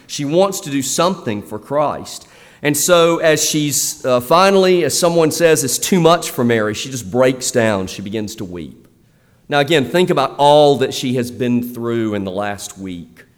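A male pastor preaching a sermon in a conversational way, often restarting with fillers. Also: mid-range voice. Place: church. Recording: long reverb of a church hall.

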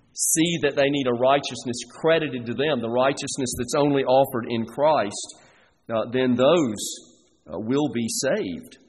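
A man preaching a sermon as pastor, earnest and deliberate, pausing between phrases. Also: medium pitch, husky, big-room sound.

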